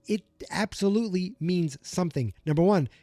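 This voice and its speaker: Male podcast host, solo recap; animated, venting, higher pitch, dry close sound. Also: normal speed, no echo. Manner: animated, gets worked up and vents.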